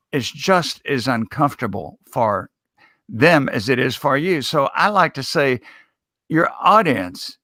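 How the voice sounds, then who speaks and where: A man being interviewed as a speech coach, giving advice in a measured, emphatic coaching manner. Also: mid-range voice, pushed and bright, no echo, studio quality. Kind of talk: interview answers.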